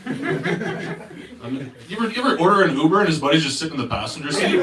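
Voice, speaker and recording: A man's voice: a little high, sing-song, fairly quick, pauses often. A young Canadian man from Northern Ontario doing a crude, casual stand-up comedy set and chatting with the crowd. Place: comedy club stage. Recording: roomy club sound from a distance. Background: audience laughter.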